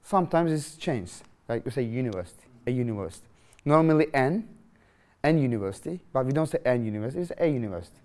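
Lively man teaching grammar. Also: mid-range voice, fast talker. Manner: lively, questioning, repeats phrases to students. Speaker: English teacher. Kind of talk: classroom grammar lesson.

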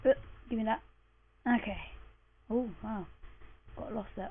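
A woman's voice: mid-range voice, moderate pace, long pauses, soft background music. A woman giving casual let's-play commentary, chatty and sleepy, muttering and swearing to herself as she plays. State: groggy, just woken up. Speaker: gamer commentating her play. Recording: tinny lo-fi mic.

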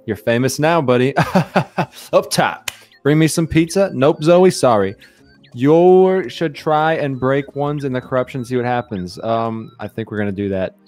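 This is an excitable young man hosting a live game stream. He chats fast and loosely, jumping between the game and his viewers. There is faint music under his voice. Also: mid-range voice, no echo. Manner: excitable, chatty, greets viewers rapidly. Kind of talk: casual live-stream chat.

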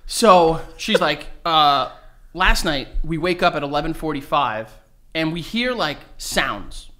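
Co-hosting a podcast, this young man rambles through a story full of swearing and laughter in a relaxed, chatty way. He talks slowly on the high side, his tone pushed and bright with lively intonation.

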